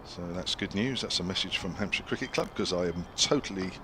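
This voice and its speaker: Cricket commentator, man, lowish voice, chatty live delivery, noisy outdoor feed. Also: fairly quick. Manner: chatty, chiming in with asides to his co-commentator.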